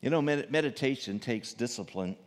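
A man preaching a sermon, swinging from loud emphatic questions to soft, low asides. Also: expressive, moderate pace, vocal fry. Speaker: pastor. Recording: long reverb of a large hall.

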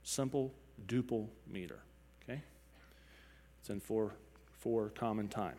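A man's voice: on the low side, a little slow, warm tone. Man explaining rhythm in a long-echoing hall. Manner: explanatory, counts beats and hums rhythms aloud; frequent throat clearing. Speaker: music teacher. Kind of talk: spoken lecture with sung examples.

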